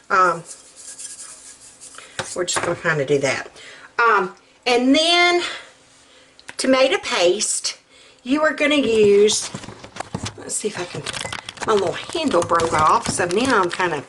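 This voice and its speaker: A middle-aged woman hosts a casual cooking demo in her home kitchen, chatting in a folksy, rambling way as she shows a recipe. Her voice sits a little high, and there's background noise.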